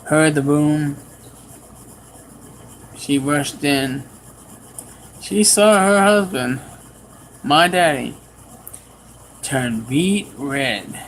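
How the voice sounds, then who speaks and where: A man preaching a sermon, telling a personal story with animated swings in pitch and pace. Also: slight background noise, rough recording.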